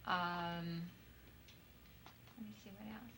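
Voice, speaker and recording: A woman's voice: lowish voice, steady tone, takes it slowly, pushed and bright. Chatty mother on a noisy recording. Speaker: parent of an implanted child. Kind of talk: casual conversation. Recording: noisy old video recording.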